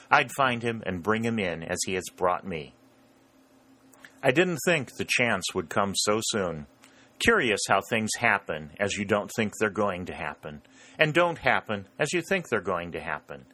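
A man voicing a weary, kindly army lieutenant who speaks quietly and reassuringly in a storybook reading. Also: lowish voice.

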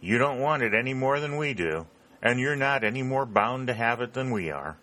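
A man reading an audiobook, voicing a tall, elderly Southern Confederate colonel who speaks in a long, soft drawl. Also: mid-range voice, expressive, normal speed, pitched above the performer's own voice. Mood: proud courteous.

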